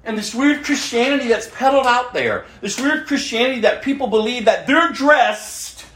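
A male pastor preaching a sermon in an animated way, laughing and acting out quotes in shifting voices. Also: extremely high pitch, normal speed, reverberant, a little hiss or hum.

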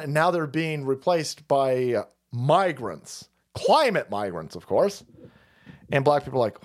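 A man's voice: a little high, lively intonation, moderate pace. A man hosting a livestream, ranting profanely and sarcastically, often laughing. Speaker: host. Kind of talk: livestream political rant.

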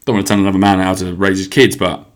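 Deep-voiced young podcaster, rambling. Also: male voice, little pitch movement, racing. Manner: rambling, swears freely. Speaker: podcast host. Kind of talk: casual solo podcast monologue. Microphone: podcast microphone.

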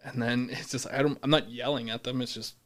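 A man chatting on a podcast in a plain, mid-pitched voice. He tells his stories in a blunt, low-key way and laughs easily between them. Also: steady tone, a little fast, fairly bright tone. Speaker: podcast co-host. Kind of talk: casual chat.

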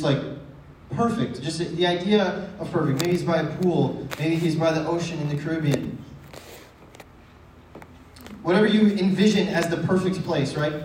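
Male pastor, casual sermon, slightly high voice, heavy echo, far from the mic. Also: fairly even intonation, moderate pace, darkish tone. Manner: casual, conversational preaching with frequent rhetorical questions. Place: church sanctuary. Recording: echoey hall from far off.

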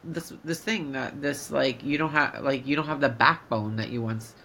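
A woman's voice: extremely low pitch, steady tone, moderate pace, gravelly, bright, forceful tone, slight background noise. A woman co-hosting a podcast, talking in a reflective, earnest way in casual conversation. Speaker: podcast co-host.

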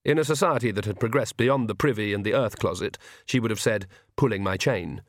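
A man reading a comic fantasy novel aloud as audiobook narrator, in an even, measured storytelling manner. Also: fairly low pitch, no echo, studio quality. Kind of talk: scripted narration.

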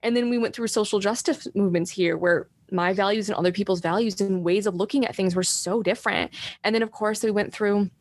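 A woman from New York, a self-love coach, telling a personal story as an interview guest, animated and often laughing. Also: mid-range voice, a little fast, dry recording. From New York, USA.

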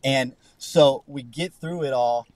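A man's voice: medium pitch, takes it slowly, darkish tone, dry recording. A man, a guest pastor, telling a personal faith story in an earnest, conversational way with frequent restarts. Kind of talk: conversational testimony on a podcast.

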